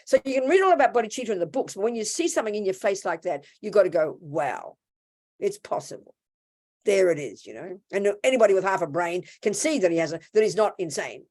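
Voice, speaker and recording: A woman's voice: medium pitch, fast talker, few pauses. A woman giving a casual, blunt Buddhist teaching, acting out quoted voices along the way. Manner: animated, acts out quoted voices; blunt and informal. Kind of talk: casual dharma talk.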